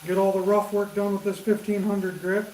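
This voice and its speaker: A man's voice: high-pitched, completely flat delivery, moderate pace, a little mellow, slight background noise. A man turning pens on a lathe in his workshop, chatting casually with livestream viewers by name and reading their comments. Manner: chats with viewers by name, reads comments aloud. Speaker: woodturner streaming live. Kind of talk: casual livestream chat while working. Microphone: camera set up beside the lathe. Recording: roomy workshop echo.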